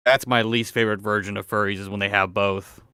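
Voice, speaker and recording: A man's voice: fairly low pitch, flat delivery, fast, sharp tone, clear, resonant tone, no room sound. A man streaming with a close mic, reading a fan fiction aloud in a mock-dramatic way and cutting in with sardonic jokes. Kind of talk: comedic dramatic reading with commentary.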